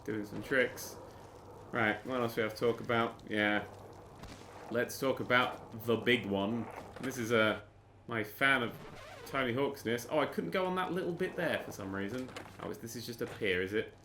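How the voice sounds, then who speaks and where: A man's voice: medium pitch, moderate pace, bright, forceful tone, slight background noise. Sarcastic sweary British man ranting. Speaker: gaming YouTuber. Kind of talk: sweary game commentary.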